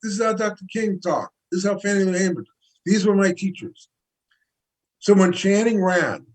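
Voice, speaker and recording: An older man with a husky, breathy voice pitched a little high, talking with fiery conviction. He hammers his points home and repeats key numbers like a preacher. This is an impassioned radio interview. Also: rough recording. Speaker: guest activist.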